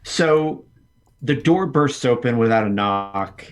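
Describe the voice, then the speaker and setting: A man running a tabletop game as game master, narrating in a relaxed way with plenty of fillers. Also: medium pitch, slow.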